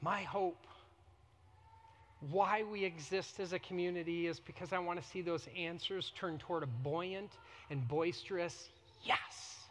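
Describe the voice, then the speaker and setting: A man preaching a sermon as a pastor, emphatic, with dramatic pauses and repetition. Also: sits high, fairly bright tone, long reverb tail, slight background noise. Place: church sanctuary.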